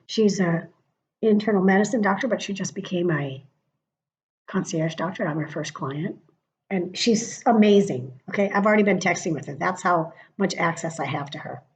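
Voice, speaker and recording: Profane, chatty middle-aged woman ranting. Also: on the low side. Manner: profane and chatty, with muttered asides. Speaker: vlogger. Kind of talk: casual political rant. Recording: dull lo-fi sound.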